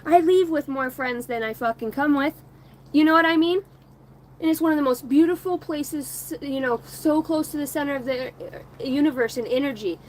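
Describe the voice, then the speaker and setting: A brash, profane, high-pitched American woman who hosts a spiritual livestream channel tells a story to a live audience. Her casual anecdote rolls out fast and animated.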